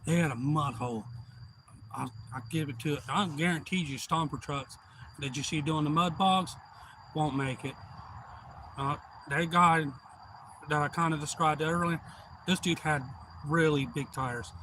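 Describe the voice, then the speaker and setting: A man's voice: on the high side, unhurried, pauses often, pushed and bright, a little hiss or hum. A middle-aged man telling a long, meandering, profane story in casual chat on a live stream.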